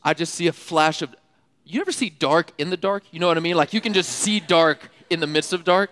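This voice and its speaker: A young man with a fairly high voice tells a story from the stage of a large hall, with a long echo trailing after each phrase. He talks in an animated, casual way, full of slang and quick laughs. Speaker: youth speaker. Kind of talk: storytelling sermon.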